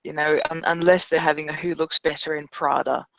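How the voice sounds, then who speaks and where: A man chats as a player in a tabletop game, halting and casual. His voice is gravelly and bright, with a slightly raised pitch, recorded dry and close. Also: flat delivery, dry recording, poor audio. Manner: hesitant, casual.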